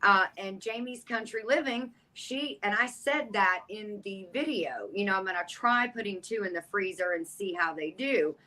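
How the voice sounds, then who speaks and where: A woman co-hosting a casual group chat about cooking, chatty and quick to laugh. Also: medium pitch, animated, bright, forceful tone, rough recording. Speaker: cooking channel co-host.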